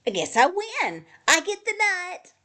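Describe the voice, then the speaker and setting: A woman's voice: mid-range voice, huge pitch swings, extremely slow, a bit bright, heavily acted. A woman voicing a boastful, cheerful male hedgehog in a storybook read-aloud, sounding pleased with himself. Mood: smug.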